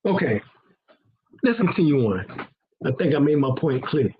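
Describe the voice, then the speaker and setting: A man's voice: a little high, very animated, moderate pace, a little hiss or hum. A man co-hosting a casual discussion, loose and conversational, laughing and swearing as he explains. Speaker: co-host. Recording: dull lo-fi sound.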